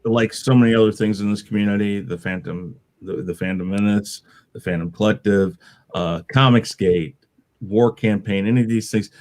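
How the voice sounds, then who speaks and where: A man's voice: fairly low pitch, normal speed, darkish tone. A man hosting an online roundtable show, talking casually and rambling, often restarting with repeated words. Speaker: host.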